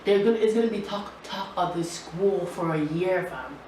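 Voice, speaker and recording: A young woman vlogger telling a casual storytime in an animated, chatty way, full of slang and laughter. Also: lowish voice, normal speed. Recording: echoey room, distant mic, faint hiss.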